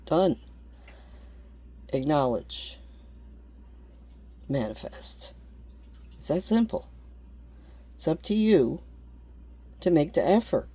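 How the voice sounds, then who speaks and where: A woman's voice: very deep voice, dark tone, breathy edge. A woman talking straight to camera in a rambling, blunt vlog, swearing freely and laughing often. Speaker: vlogger. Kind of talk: casual rambling monologue.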